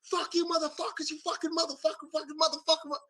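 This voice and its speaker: A man acting out a frantic, furious young man, shouting curses and then pleading excuses. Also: high-pitched, fast, voice pushed up.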